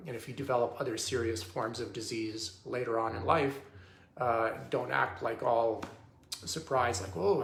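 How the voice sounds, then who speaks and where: A man's voice: medium pitch, creaky, a bit bright. A man hosting a live talk, speaking casually to his audience, often checking in with "okay?" and restarting his sentences. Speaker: host. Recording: echoey room.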